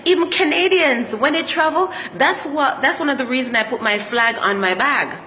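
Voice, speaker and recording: A woman's voice: high voice, normal speed, pushed and bright, long reverb tail, a little hiss or hum. A Jamaican woman telling travel stories in a casual vlog, slipping into patois as she talks. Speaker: travel vlogger.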